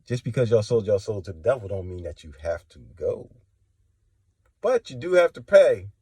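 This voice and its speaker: A man giving impassioned spoken testimony, preachy and confrontational, swinging from low and quiet to loud and high. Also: sing-song, moderate pace, breathy edge, dry recording. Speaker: religious testimony vlogger.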